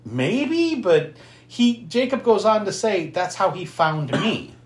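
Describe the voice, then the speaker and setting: The speaker is a podcast host giving a laid-back film recap, peppered with swearing and frequent laughs. He talks slowly but very animatedly, his voice sitting high, and the recording carries room echo.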